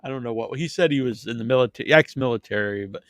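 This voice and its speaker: A man's voice: mid-range voice, fast talker, dry recording, studio quality. A man hosting a podcast, telling rambling anecdotes in casual chat with lots of restarts. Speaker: podcast host.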